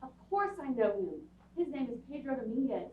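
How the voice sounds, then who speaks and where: A woman playing an excitable young society wife. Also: sits high, a little fast, a little hiss or hum. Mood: anxious. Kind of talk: community radio theatre acting. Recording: echoey hall, far from mic, muffled.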